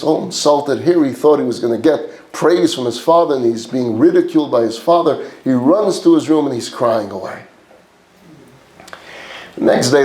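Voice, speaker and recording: A man preaching as a rabbi, telling a story in an animated way and acting out its characters. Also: mid-range voice. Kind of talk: storytelling sermon. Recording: roomy echo.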